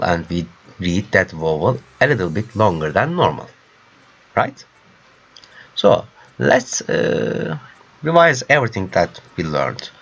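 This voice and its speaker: Slow, patient male language teacher. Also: deep voice, a bit bright, slightly rough. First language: Turkish. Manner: slow, patient, repeats words for practice; non-native English grammar. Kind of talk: language lesson explanation.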